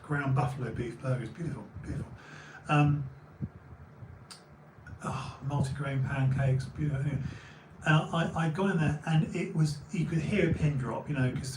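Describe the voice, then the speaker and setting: A man's voice: a little high, background noise. Rambling British man telling stories. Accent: British English. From England. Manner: rambling, repeats and restarts words. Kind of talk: casual storytelling monologue. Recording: echoey room, mic a bit far.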